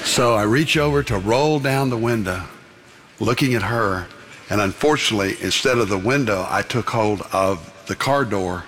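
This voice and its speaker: A man's voice: lowish voice, normal speed, fairly bright tone, a little hiss or hum. A man preaching a sermon, telling a personal story and then preaching emphatically. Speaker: pastor. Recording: long hall reverb.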